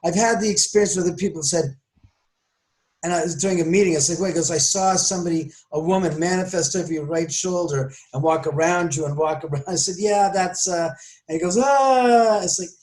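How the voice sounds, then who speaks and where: A man's voice: fairly high pitch, fairly even intonation, fairly quick, low-quality recording. A man talking emphatically on a podcast as a paranormal guest, arguing and lecturing. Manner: forceful, argumentative, lecturing.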